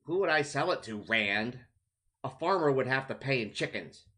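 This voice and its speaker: A man's voice: mid-range voice, expressive, moderate pace, fairly bright tone, natural voice. A man reading a dry, wary young villager. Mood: grudging.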